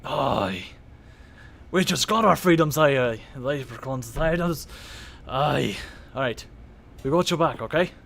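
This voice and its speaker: A man voicing a band of small tough leprechauns, rough and loyal. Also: mid-range voice, animated, unhurried, fairly bright tone, exaggerated voice. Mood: protective. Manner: loyal, rough, saying "aye" often.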